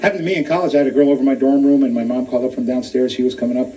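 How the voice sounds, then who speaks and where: A man's voice: medium pitch, fairly even intonation. Man, stand-up comedian, club stage, crowd work, distant mic, muffled lo-fi recording. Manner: crowd work, quick punchlines. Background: audience laughter.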